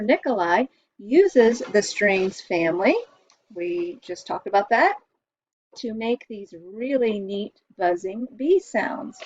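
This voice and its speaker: A woman from the United States, an elementary school music teacher, explaining composers and the orchestra to children in a cheerful, clear way. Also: mid-range voice, a little mellow, dull audio. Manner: cheerful, explains slowly for kids.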